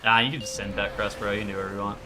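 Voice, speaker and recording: A man's voice: on the low side, flat delivery, very fast, noisy background. A man streaming live, chatting casually in a profane, rambling way.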